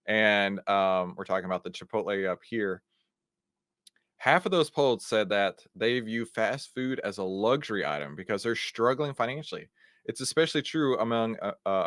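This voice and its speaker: Guy hosting a commentary show, kinda low voice, super animated and fired up, dry close sound. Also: dry recording. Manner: animated, incredulous, conversational with fillers. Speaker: host. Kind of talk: energetic news commentary.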